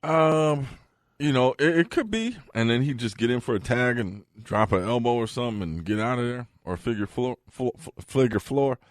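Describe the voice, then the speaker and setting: A tired man co-hosting a wrestling radio show, relaxed and laughing off his own slips of the tongue. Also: mid-range voice, normal speed, no room sound, clean studio sound. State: tired from lack of sleep. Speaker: radio co-host. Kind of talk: casual wrestling radio chat.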